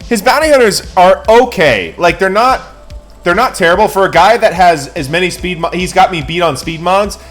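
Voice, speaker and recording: A man's voice: high-pitched, moderate pace, soft background music. A man streaming a game live, telling a bar story in rowdy, profane casual chat.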